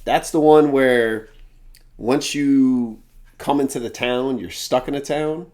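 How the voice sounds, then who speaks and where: A man co-hosting a casual podcast chat. He tells stories in an animated way, acts out the people in them with sudden yells, and swears freely. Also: medium pitch, slow. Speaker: podcast co-host.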